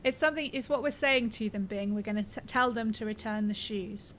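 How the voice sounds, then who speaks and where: A woman's voice: mid-range voice, brisk, fairly bright tone, slight background noise, poor audio. A woman streaming a game, reading its text aloud and chatting casually, swearing and laughing as she plays. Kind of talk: casual gameplay commentary.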